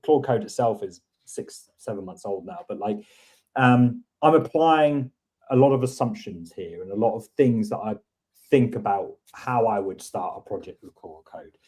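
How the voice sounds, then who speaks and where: Guy explaining code, keeps restarting sentences, mellow voice. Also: fairly low pitch, moderate pace. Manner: rambling, restarts often, thinking aloud. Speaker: host teaching coding. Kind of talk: casual screen-share chat.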